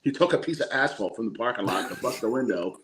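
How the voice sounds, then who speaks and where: A man with a mid-pitched voice tells stories in a loose podcast chat, chuckling and quoting the people in them. A faint hiss sits behind his voice. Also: expressive, quick pace, a bit bright. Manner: laughs through his stories, quotes people. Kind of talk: casual chat, anecdote telling.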